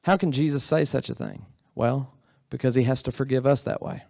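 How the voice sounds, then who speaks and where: A man's voice: medium pitch, steady tone, brisk, gravelly, darkish tone, no room sound, clean studio sound. A male pastor preaching a sermon in a church, talking in a conversational way and asking the congregation questions. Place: church sanctuary.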